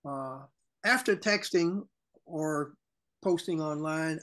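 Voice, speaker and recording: A man's voice: on the high side, a little slow. Indignant male talk show co-host. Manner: animated, indignant commentary. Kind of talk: political talk show discussion.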